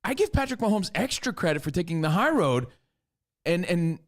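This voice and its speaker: A man's voice: high-pitched, very animated, a little fast. A man co-hosting a casual sports talk show, arguing and cracking jokes with his partner. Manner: joking, argumentative, teasing back and forth. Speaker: co-host.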